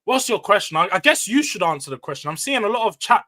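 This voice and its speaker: A man hosting a casual football live stream, loud and emotional, ranting and then bringing it back down. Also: high-pitched, very animated, quick pace, rough recording. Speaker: livestream host.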